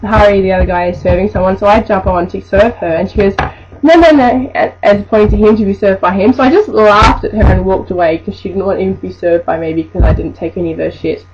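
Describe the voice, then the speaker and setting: A woman's voice: medium pitch, steady tone, fast, few pauses, a little mellow. Teen woman, storytime vlogger, rambling and exasperated; dull lo-fi mic with faint hiss. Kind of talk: storytime monologue.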